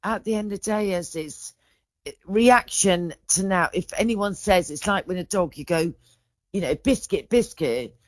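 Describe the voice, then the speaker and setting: A woman in her forties, her voice mid-range, guests on a podcast and chats casually at a moderate pace, drifting from story to story. She keeps breaking off and restarting sentences, and the sound is dry and close with no room sound.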